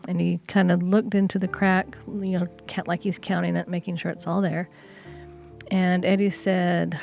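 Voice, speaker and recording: A woman's voice: fairly low pitch, flat delivery, normal speed, vocal fry, darkish tone, highs cut off, faint music behind. A woman co-hosting a podcast, casually retelling a folk tale with chatty asides and fillers. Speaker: podcast co-host. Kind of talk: casual storytelling.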